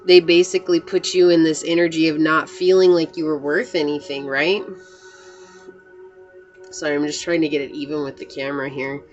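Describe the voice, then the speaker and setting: Low-voiced woman giving a chatty tarot reading. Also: steady tone, normal speed, highs cut off, soft background music. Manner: chatty and earnest, many "like" fillers. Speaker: tarot reader. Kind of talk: casual tarot reading to camera.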